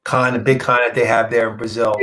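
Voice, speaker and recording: A man's voice: medium pitch, a little fast, low-quality recording. Guy telling a heartfelt story in an interview, acts out the other voices, stumbles and repeats when it gets emotional. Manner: animated, acts out quoted dialogue. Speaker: comic book artist guest.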